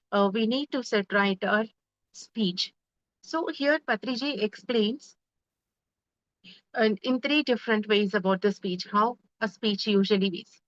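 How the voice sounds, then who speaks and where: A woman's voice: medium pitch, dry recording. Earnest woman giving a spiritual talk. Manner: earnest, rhetorical questions, frequent uh fillers. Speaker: meditation teacher. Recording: dull, dry sound.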